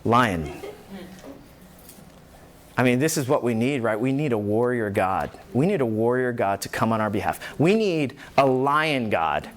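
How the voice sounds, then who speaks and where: A man preaching a sermon as pastor, animated, acting out the voices in the scripture he tells. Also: mid-range voice, measured pace. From New York.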